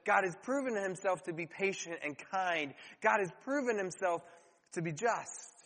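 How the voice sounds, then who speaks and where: A man's voice: high-pitched, lively intonation, normal speed, a bit bright, long reverb tail, low-quality recording. A male pastor preaching a sermon, earnest and direct, asking the listeners rhetorical questions.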